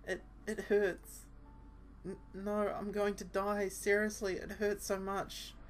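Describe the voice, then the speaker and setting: A man voicing a shy but determined teenage schoolgirl in pain, reading a visual novel aloud with a raised, soft voice. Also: high-pitched, monotone, slow pace, soft background music, pitched above the performer's own voice. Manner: pained, pleading.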